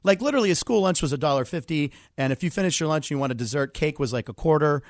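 Male comedian guest, forties, Pittsburgh-raised, lively animated storyteller, dry studio sound. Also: on the high side, fast talker, no room sound. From Pittsburgh area. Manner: animated, acts out voices in his stories. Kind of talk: casual storytelling.

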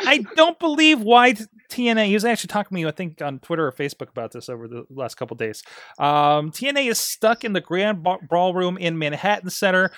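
A man's voice: a little high, fairly bright tone, no echo. Rambling male podcast host, dry close sound. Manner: loose, rambling with many fillers and restarts. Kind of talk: casual podcast chat.

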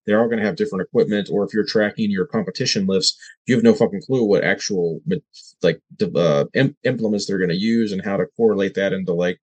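A man with a lowish voice co-hosts a loose, casual podcast chat. He talks freely, drops swear words without a second thought, and puts listener questions to his guest. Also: fast talker, a little mellow, husky, rough recording. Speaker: podcast co-host.

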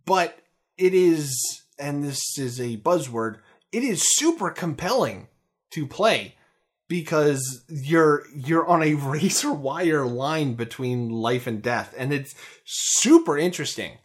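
A man co-hosting a casual video game podcast, chatting in a jokey, animated way with frequent fillers and laughs. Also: fairly high pitch, slow, husky. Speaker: podcast co-host. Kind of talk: casual chat.

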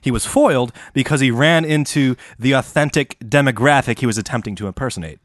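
A man's voice: medium pitch, a little fast, no echo, studio quality. A man hosting a podcast, telling a history story with casual swearing and jokes. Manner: laid-back, swears casually, laughs at own jokes. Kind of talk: comedic storytelling chat.

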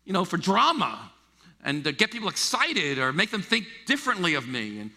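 A middle-aged American man preaching a sermon, animated and acting out the voices he quotes. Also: sits high, a little fast. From United States. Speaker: pastor. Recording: long hall reverb.

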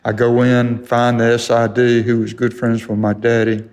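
A man's voice: medium pitch, completely flat delivery, moderate pace, a little mellow. An older man telling a sports story as an interview guest, laughing through his own anecdote. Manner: folksy storyteller who laughs through the tale. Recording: long hall reverb.

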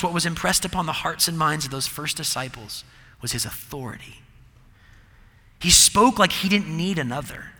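Man preaching, high voice, very bright tone, emphatic, loud then hushed, echoing hall. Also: breathy edge. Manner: emphatic, swinging between loud declarations and quiet asides. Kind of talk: sermon. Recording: long reverb of a large hall.

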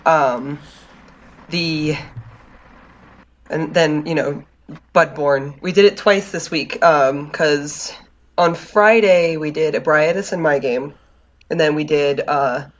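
A podcast co-host recapping their week in a relaxed, dry way with many fillers. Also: mid-range voice, lo-fi sound. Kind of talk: casual chat.

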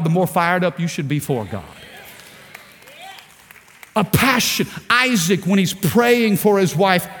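A male pastor preaches with fervor, stacking rhetorical questions and repeating words as he drives his points home. His voice sits high, and it rings out in a large hall with a long reverb tail. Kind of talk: sermon.

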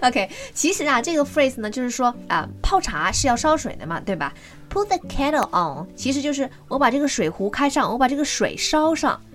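Woman, bilingual podcast teacher, fairly high voice, spells words out, soft music underneath. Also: big pitch swings, brisk. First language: Chinese. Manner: spells out words letter by letter and explains in Chinese. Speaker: English teacher, podcast co-host. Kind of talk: bilingual podcast lesson chat.

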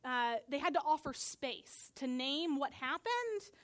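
A woman pastor preaching a sermon, telling a story earnestly and building to emphatic high points. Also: animated, measured pace.

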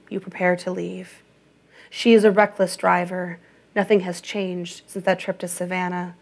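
A woman reading an audiobook in a measured, even narration. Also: fairly low pitch, vocal fry.

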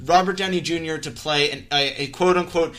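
A man's voice: a little high, steady tone, a little fast, fairly bright tone. A man co-hosting a podcast, chatting casually and animatedly with lots of fillers and asides. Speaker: podcast co-host. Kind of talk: casual movie discussion. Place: room just after a theater visit.

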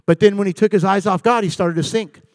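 High-voiced animated preacher, dry sound. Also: male voice, fast talker, no echo. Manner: animated, acts out voices of people in his stories. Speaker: pastor. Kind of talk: sermon. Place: church.

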